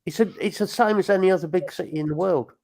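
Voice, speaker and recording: A chatty man from London in a casual live-stream chat, reacting quickly to the others. His voice sits a little high for a man. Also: gravelly, a little mellow. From London, England. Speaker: co-host.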